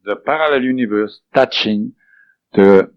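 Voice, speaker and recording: A man with a French accent tells a personal story in an interview, halting often to restart his sentences. His voice sits fairly low. The audio is dull and dry, with a muffled, low-fidelity sound. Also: no echo. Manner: hesitant, with many fillers and restarts. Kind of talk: recounting a personal experience.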